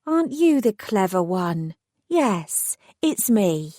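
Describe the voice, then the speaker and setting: A woman voicing a cruel fairy godmother who coos and taunts with calm menace in an audiobook. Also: medium pitch, takes it slowly, dry recording, studio quality. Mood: mocking. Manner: cooing, teasing, calm menace. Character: coolly cruel female fairy godmother, mocking.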